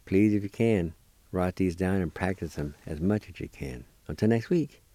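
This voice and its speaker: Deep dark-voiced guy going through a vocab lesson real slow, spelling letter by letter, dry close sound. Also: no room sound. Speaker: language teacher.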